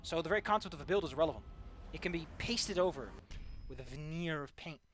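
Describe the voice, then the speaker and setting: This young man's voice sits on the high side, with a fairly bright tone, and he talks fast and animatedly as he streams a game. His casual chat is full of sarcastic rants and free swearing, and there's a little hiss or hum in the audio.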